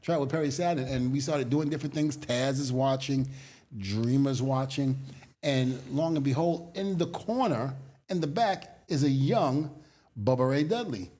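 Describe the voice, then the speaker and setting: A man's voice: medium pitch, moderate pace. Middle-aged man telling stories with laughs. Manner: animated, laughs often while telling stories. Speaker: guest. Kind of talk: storytelling in a casual interview.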